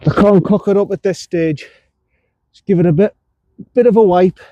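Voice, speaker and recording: Male golf vlogger, high mellow voice, casual self-talk on the course. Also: normal speed, no room sound, dull audio. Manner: talks to himself and the viewer between shots, self-coaching.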